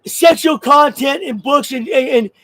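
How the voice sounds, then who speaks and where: A man with a strikingly high voice delivers a profane political rant, swinging between angry shouts and laughs. His voice sounds close and dry, with no room around it. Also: normal speed, no room sound, low-quality recording. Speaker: vlogger.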